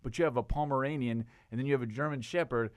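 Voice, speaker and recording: A young adult man hosting a podcast, telling stories in a casual, slangy, animated way. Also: medium pitch, fast talker, dry recording. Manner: animated storyteller, slangy, laughs often. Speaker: podcast host. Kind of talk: casual interview chat.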